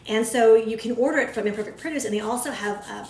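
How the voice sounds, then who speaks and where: A chatty woman with a fairly high voice talks viewers through a recipe at home. She is recorded from a little way off, so her voice bounces around the kitchen. Dishes and pans clatter behind her. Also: quick pace, heavy background noise. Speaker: cooking show host. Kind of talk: casual cooking demonstration. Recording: echoey kitchen, mic at a distance, clattering dishes.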